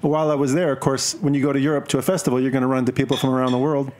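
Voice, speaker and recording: A man's voice: mid-range voice, little pitch movement, very fast, darkish tone, a little hiss or hum. A man from the United States, a beer importer and guest on a radio show, telling a story in a chatty, joking way. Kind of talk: radio interview.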